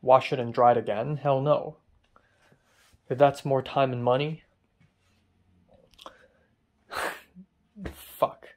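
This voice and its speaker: A man's voice: mid-range voice, fairly even intonation, slow pace, pauses often, darkish tone. A young man talking straight to camera in a casual vlog, ranting with frustration and swearing freely. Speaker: vlogger.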